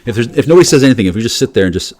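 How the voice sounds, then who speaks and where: Fast, animated man ranting profanely. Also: mid-range voice. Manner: profane, rapid, repetitive restarts. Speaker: livestream panel guest. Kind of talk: rambling conspiratorial monologue.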